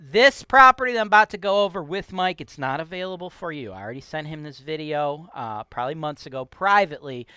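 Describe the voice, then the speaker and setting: A man's voice: a little high, expressive, quick pace, hardly any pauses, pushed and bright, smooth, no room sound. A man from Cleveland, Ohio with a Cleveland accent, hosting a real estate show in a brash, profane, ranting style. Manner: brash, profane, keeps asking "right?". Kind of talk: casual ranting vlog.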